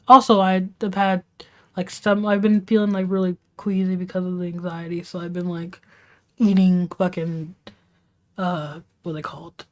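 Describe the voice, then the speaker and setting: A woman streamer venting from home late at night, keeping her voice hushed and half-whispered, swearing and rambling with restarts. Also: lowish voice, little pitch movement, normal speed. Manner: hushed, half-whispered talk to keep quiet. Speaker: live streamer. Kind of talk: venting storytime on a livestream.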